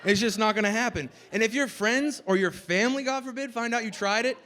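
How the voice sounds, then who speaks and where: A young man doing a stand-up comedy set on a festival stage, with a loose, rambling delivery full of "like" and shouting over the crowd at times. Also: very high voice, fairly quick, a little hiss or hum.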